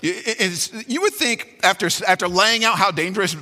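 A man preaching a sermon as pastor, animated and dramatic, acting out quotes with sudden swings in his voice. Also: high-pitched, a little fast, long reverb tail.

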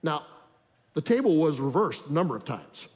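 A man's voice: fairly high pitch, very animated, normal speed, a little mellow. An older man telling an earnest, story-driven sermon about marriage. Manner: earnest, acts out inner thoughts in story. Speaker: preacher on marriage. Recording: long reverb of a large hall.

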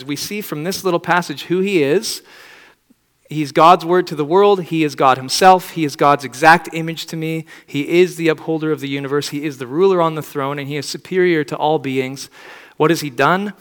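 A man's voice: on the high side, brisk, fairly bright tone. Man preaching in a reverberant hall. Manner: conversational, reflective, asks rhetorical questions. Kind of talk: sermon.

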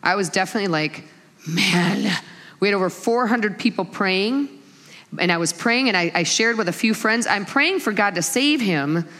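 A middle-aged woman preaching a sermon, telling stories with lively acted-out quotes. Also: medium pitch, normal speed. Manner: animated storytelling with acted-out quotes. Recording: long hall reverb.

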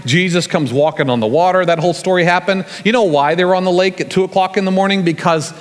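A man preaching as a guest, telling folksy stories in a relaxed, conversational way and acting out the scenes. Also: sits high, fast. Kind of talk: storytelling sermon. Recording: long reverb from a large church hall.

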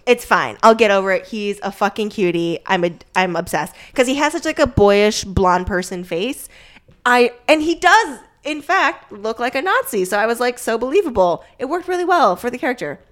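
A woman co-hosting a casual chat, gushing and animated, swearing freely. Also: on the high side, normal speed.

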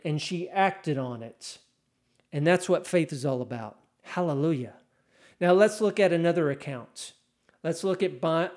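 A man preaching a sermon, reading scripture aloud and acting out the quoted cries with a raised voice. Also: fairly high pitch. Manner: animated, acts out scripture quotes, raising voice for cries.

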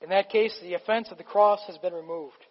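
A male pastor with a high voice delivers a sermon a little fast, emphatic yet relaxed and conversational. The long reverb of a large hall surrounds him, and the recording is slightly muffled.

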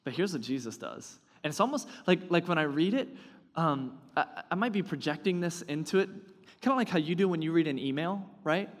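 A male pastor preaching a sermon in a conversational, animated storytelling manner. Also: on the high side, fairly quick, long reverb tail.

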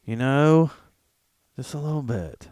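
A man's voice: medium pitch, expressive, takes it slowly, a little mellow, no room sound, clean studio sound. A man co-hosting a casual chat, ranting with heavy swearing and exasperation. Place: New York.

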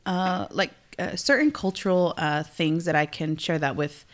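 A woman in her thirties co-hosting a casual podcast chat, animated and laughing often. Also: low voice, normal speed. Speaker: podcast co-host. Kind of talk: casual chat among sisters.

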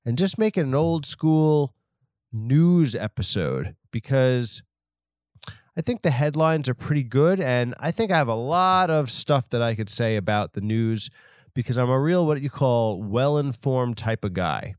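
A man's voice: mid-range voice, animated, a little slow, smooth, no echo, studio quality. A man hosting a solo comedy podcast, talking in a rambling, self-interrupting way full of absurd tangents. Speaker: podcast host.

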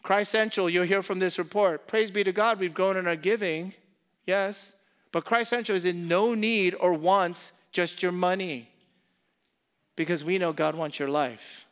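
A man preaching a sermon as pastor, impassioned, repeating key phrases and swinging from loud emphasis to soft, intimate asides. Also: high voice, fairly even intonation, measured pace, smooth.

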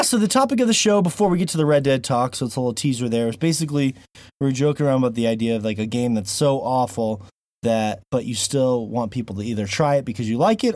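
A man's voice: medium pitch, a little mellow, no echo. A man hosting a casual podcast, joking and laughing often. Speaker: podcast host.

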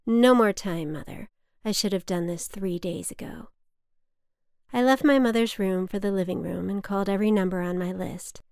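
Hushed, creaky woman reading a memoir. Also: medium pitch, dry recording, studio quality. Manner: hushed, often whispered, intimate. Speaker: narrator of her own memoir. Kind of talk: reading a personal essay aloud.

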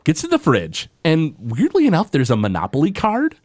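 A man's voice: a little high, wildly swooping pitch, normal speed, a little mellow, no room sound, studio quality. A man co-hosting a podcast, casually recapping a cartoon episode and slipping into playful voices as he retells scenes. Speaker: podcast co-host.

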